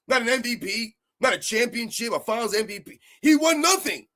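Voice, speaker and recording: A man's voice: very high voice, fairly quick, sharp tone. A man hosting a heated sports rant, emphatic and argumentative, hammering his points by repeating them. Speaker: sports commentary host.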